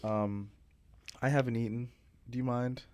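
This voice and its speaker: A man's voice: mid-range voice, fairly even intonation, a little slow, darkish tone, slight background noise. A man hosting a podcast chat, dry and teasing, mock-serious. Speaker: podcast host. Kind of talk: casual chat.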